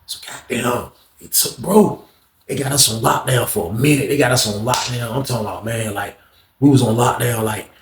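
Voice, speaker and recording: An animated man tells a casual story in heavy slang and acts out each line of dialogue. His voice sits at an ordinary middle pitch. The sound is roomy, with a clear echo around him. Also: normal speed, a little hiss or hum.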